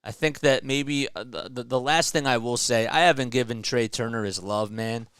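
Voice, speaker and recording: A man's voice: mid-range voice, moderate pace, fairly bright tone, clear, resonant tone, no room sound, studio quality. A man hosting a solo sports show, ranting with frustration and emphasis about his team's losses and speaking directly to the manager. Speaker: sports commentary host. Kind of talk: solo fan rant about baseball.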